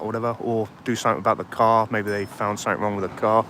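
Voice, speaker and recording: This livestream host talks quickly in a fairly low voice with little pitch movement, hardly pausing at all. He's outdoors by a street, rambling through chat and reading viewer comments while faint street noise hums in the background.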